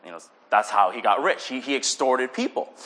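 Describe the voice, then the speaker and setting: A young man giving a casual sermon, animated, often acting out little voices for the people he talks about. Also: mid-range voice, brisk. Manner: animated, acts out voices in quotes. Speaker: preacher.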